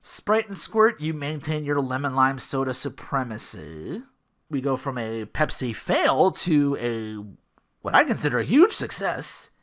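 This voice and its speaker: Alone on his own podcast, the host talks in a loose, meandering monologue, his voice bouncing around in pitch. He trips over words constantly and keeps running himself down.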